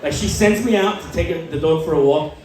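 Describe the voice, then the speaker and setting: A man in his forties performs a stand-up set with a fairly high voice and a deadpan storytelling manner. He acts out the people he quotes. He sounds far from the mic, in a strongly echoing club. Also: a little fast. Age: 40s. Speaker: stand-up comedian. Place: small comedy club.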